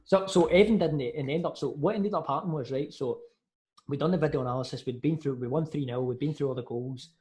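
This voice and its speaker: A young Scottish man, a podcast guest, telling football stories in a lively casual way and acting out what people said. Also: a little high, quick pace. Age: young adult. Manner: lively anecdotes, says mate a lot, acts out quotes. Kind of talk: casual storytelling chat.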